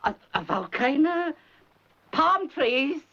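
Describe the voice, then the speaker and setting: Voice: sits high, very animated, slow, bright, forceful tone, full character voice. A performer in a 1970s film comedy playing a fussy, gossipy elderly mother who poses as a psychic, rambling and theatrical. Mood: fussing. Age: older. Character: nagging, overbearing elderly mother posing as a psychic. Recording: dull old film soundtrack with faint hiss.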